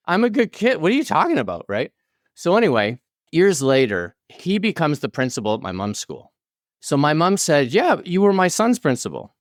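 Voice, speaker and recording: Animated man telling a story. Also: dry recording, studio quality. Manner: animated, jumps into high-pitched quoted voices. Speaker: podcast guest. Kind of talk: casual storytelling.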